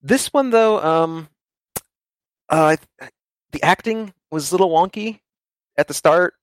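A man's voice: a little high, unhurried. A man chatting casually about games, rambling and laughing easily. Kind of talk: casual game discussion.

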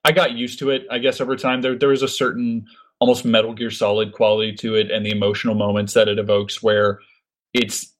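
A man giving measured, thoughtful opinions in a casual chat. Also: fairly low pitch. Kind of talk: casual game discussion.

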